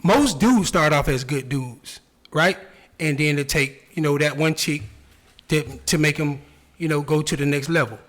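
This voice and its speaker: A man's voice: a little high, moderate pace, a bit bright. A man co-hosting a casual group chat, telling a long story and acting out the quotes, swearing freely. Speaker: podcast co-host.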